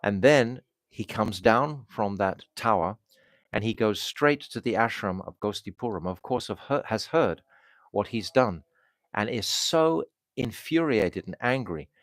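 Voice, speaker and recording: Low male preacher, halting storyteller, close and dry. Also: animated, no room sound. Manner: halting, with restarts and fillers. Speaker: swami giving a spiritual talk. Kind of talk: storytelling sermon.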